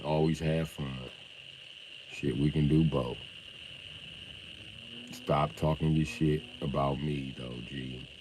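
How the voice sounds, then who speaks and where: A middle-aged man from Illinois ranting on a live stream, confrontational and profane, swinging from loud outbursts to mock calm. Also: extremely low pitch, slight background noise, rough recording. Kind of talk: heated live-stream rant.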